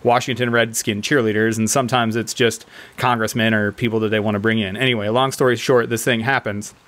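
A man's voice: on the low side, a little fast. Guy telling a story to the bros, laughing a lot, does little voices for the other guys. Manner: animated, laughs often, acts out other people's lines. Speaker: podcast co-host telling a military story. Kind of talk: casual storytelling among friends. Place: indoor team room.

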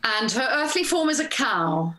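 A woman actress telling a casual story as an interview guest, animated and acting out the lines she quotes, over a video call. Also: on the high side, moderate pace. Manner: animated, laughs often, acts out quoted lines. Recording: roomy echo.

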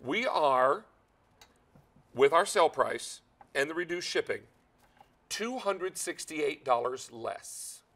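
A man hosting a live TV shopping show from a studio kitchen, chatty and emphatic as he pitches a product. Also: lively intonation, slow pace, long pauses, bright, forceful tone. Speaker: TV shopping host.

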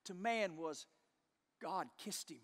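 A middle-aged man preaching a sermon as pastor, impassioned, swinging from shouts to hushed tones. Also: high-pitched, slow pace, long reverb tail. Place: church sanctuary.

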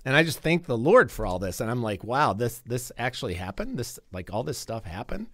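A middle-aged man hosting his radio show from the studio, talking earnestly in a casual, rambling flow and repeating himself as he restarts his sentences. His voice sits at an ordinary pitch and sounds close and dry, with no room around it. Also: sing-song, a little fast, fairly bright tone, dry recording. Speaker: radio host.

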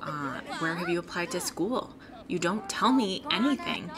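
A woman's voice: on the low side, expressive, moderate pace, a crowd in the background, lightly acted. Woman voicing a jealous teen girl. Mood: hurt, accusing. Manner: complaining, hurt.

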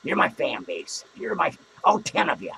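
Heavily acted and full of vocal fry, this medium-pitched voice leaps through huge pitch swings at a moderate pace, with noise in the background. It belongs to a man playing a drunk, crude clown host in a small podcast studio, rambling and swearing, ribbing himself and cackling loudly.

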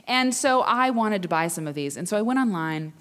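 A woman in her thirties telling a funny personal story live, chatty and self-deprecating with animated asides. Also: medium pitch, brisk. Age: 30s. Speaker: writer and quilter performing for students.

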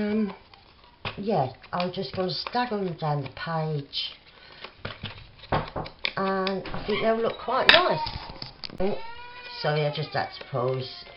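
Casting note: middle-aged Cockney woman, craft vlogger, low unhurried voice, dull lo-fi home recording with clear background noise. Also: expressive. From England. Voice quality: soft, rambling with many fillers. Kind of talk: casual chatty crafting commentary.

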